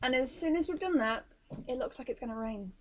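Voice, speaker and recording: High-voiced playful woman. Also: animated, fairly quick, slight background noise. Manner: playful, giggly interjections. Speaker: co-host. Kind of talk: casual live stream chat.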